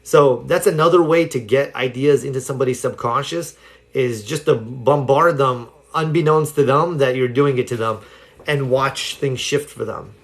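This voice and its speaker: A man of middling pitch speaks casually to a livestream audience about self-help. He tells stories loosely, padding them with fillers as he goes. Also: normal speed. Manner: rambling storytelling with many fillers. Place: home livestream.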